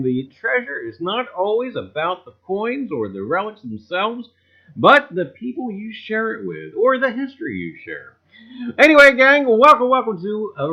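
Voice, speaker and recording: A man's voice: high-pitched, highs cut off. A man hosting a casual livestream about coins and treasure, rambling and joking as he greets viewers one by one. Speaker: livestream host.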